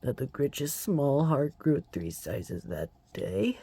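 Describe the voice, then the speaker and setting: A channel host slowly reading a storybook aloud, emotional about the story. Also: medium pitch, big pitch swings, warm tone, husky, no echo.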